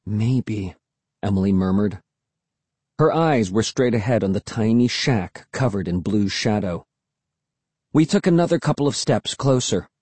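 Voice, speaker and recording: A man narrating a first-person suspense story, reading expressively and dropping to a hush for tense moments. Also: fairly low pitch, moderate pace, dry recording. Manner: expressive, hushed for suspense, raised for shouts. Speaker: audiobook narrator.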